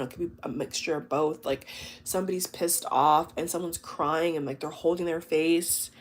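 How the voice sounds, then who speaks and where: This woman has a lowish voice, with slight noise in the background. She's a tarot reader doing a collective reading for her viewers, emotive and chatty, full of exclamations and fillers.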